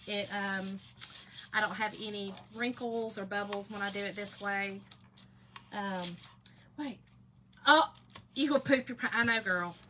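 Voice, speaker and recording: Hosting a crafting livestream, this woman has a medium-pitched voice that's bright and forceful, and there's slight hiss or hum in the audio. She's chatty and folksy, addressing viewers as "y'all" and "girl" as she reads their comments aloud.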